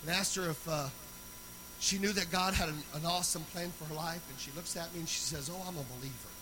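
A man preaching a sermon, moving between loud, sung exhortation and quiet, conversational storytelling. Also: on the high side, steady tone, fast, noisy background.

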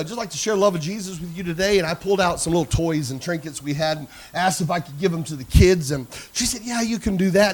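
A man with a high voice preaching a sermon in a church. He tells his story quietly, then rises to loud shouted preaching and calls out to the congregation. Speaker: pastor. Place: church sanctuary.

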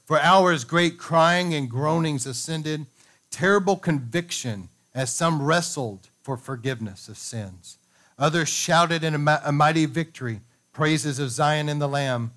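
A man preaching in church, reading a revival story aloud and adding animated asides to the congregation. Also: fairly high pitch. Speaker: pastor.

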